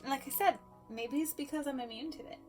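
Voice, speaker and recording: A woman giving a personal storytelling speech, emotional, swinging between loud emphasis and hushed asides. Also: high-pitched, quick pace, soft background music. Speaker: speaker.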